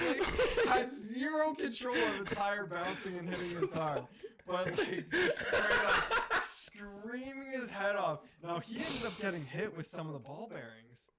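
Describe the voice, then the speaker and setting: A man's voice: high voice, measured pace, over a noisy crowd. Young man swearing through a wild story. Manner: animated, swearing, laughs mid-story. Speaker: podcast co-host. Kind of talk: casual storytelling chat.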